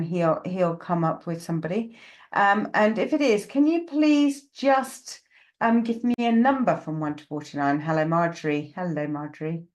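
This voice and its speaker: A woman's voice: fairly low pitch, a little mellow. A woman, a psychic medium hosting a live-streamed reading show. She chats casually, greeting viewers one by one by name, with plenty of ums.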